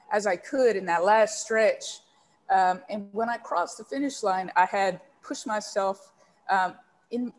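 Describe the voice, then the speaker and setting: A woman from Texas, a leadership coach guesting on a podcast, telling a personal story in an earnest, heartfelt way with many ums. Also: medium pitch. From San Antonio, Texas. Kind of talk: storytelling interview.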